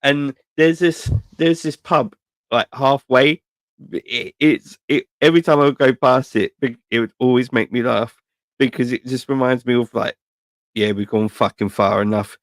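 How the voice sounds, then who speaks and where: A man, co-hosting a casual podcast chat, swearing freely as he rambles through animated anecdotes. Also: mid-range voice, moderate pace, no echo. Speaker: podcast co-host.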